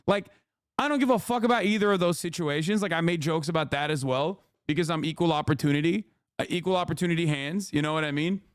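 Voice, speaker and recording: A streaming man tears into his targets with crude, mocking jabs. His voice sits a touch high and sounds smooth and crisp. The sound is dry and close. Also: a little fast, no room sound. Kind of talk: profane live-stream rant.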